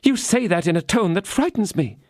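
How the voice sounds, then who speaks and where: A high, lifted voice for an anxious young woman, loyal and easily alarmed, as a male narrator puts her on. Her lines swing widely in pitch with pleading urgency. The recording is close and dry. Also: sing-song, brisk, darkish tone, no echo.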